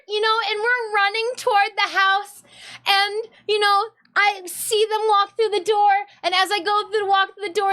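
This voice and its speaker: A high-pitched woman from Michigan chats on her live stream and tells stories excitedly, often laughing. Her voice sits well above most women's. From Michigan, USA. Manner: giggly, excitable storyteller, often breaking into laughter. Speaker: streamer and cosplayer. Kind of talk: casual live-stream chat.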